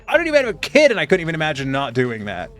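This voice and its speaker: Middle-aged male streamer, profane venting to chat, soft game music underneath. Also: on the high side, wildly swooping pitch, very fast. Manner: ranting, heavy swearing; chatty, talks to viewers. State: undergoing chemo. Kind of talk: casual gaming stream chat.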